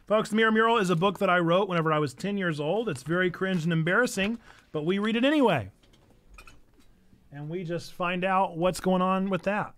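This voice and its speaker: A man's voice: high-pitched, a little fast, fairly bright tone. A man streaming a game, chatting casually in a jokey, rambling way. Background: faint piano music.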